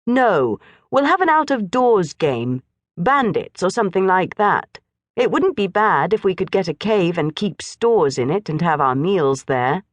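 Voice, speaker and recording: A woman voicing a clever, smooth-talking English schoolboy who sounds earnest and overly polite. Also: on the low side, big pitch swings, a little slow, no room sound, highs cut off, pitched above the performer's own voice. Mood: scheming.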